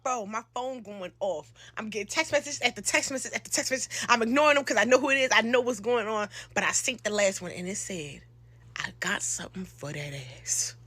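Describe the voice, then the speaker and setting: A young woman, telling a slangy, animated storytime into a close phone mic. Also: on the high side, a little fast, no echo. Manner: animated, slangy, acts out quotes with loud shouts. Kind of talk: storytime monologue.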